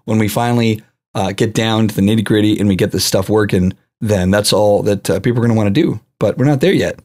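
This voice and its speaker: A man's voice: fairly low pitch, fast, darkish tone. A man co-hosting a podcast in casual chat, reading news stories aloud in an easygoing way with fillers.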